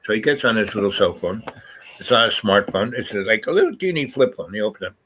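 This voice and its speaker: A man telling a long casual story, rambling and animated, acting out the voices of the people he quotes. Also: on the low side, fast, slight background noise, poor audio. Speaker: storyteller host.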